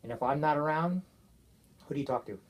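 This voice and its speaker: A father giving his young daughter an earnest, gentle talk, often checking with "okay?". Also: on the high side, brisk. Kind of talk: heartfelt talk to his child.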